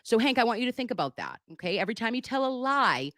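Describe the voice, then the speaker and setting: A woman's voice: a little high, big pitch swings, quick pace, a bit bright, no echo, studio quality. A woman hosting a casual live stream on a webcam, chatty and joking as she reads viewer messages aloud. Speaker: livestream commentator.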